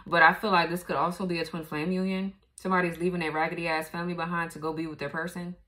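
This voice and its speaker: Brief: woman tarot reader, lower-set voice, salty and blunt, quick laughs and sudden leaps in pitch. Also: flat delivery, sharp tone. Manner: blunt, profane, laughs often. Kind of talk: casual tarot reading.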